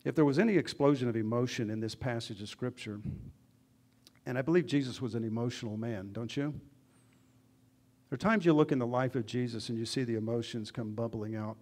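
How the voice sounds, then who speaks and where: A pastor preaching a sermon in a church, earnest, putting questions to the congregation and swinging between loud emphasis and quiet asides. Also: male voice, medium pitch, fairly quick.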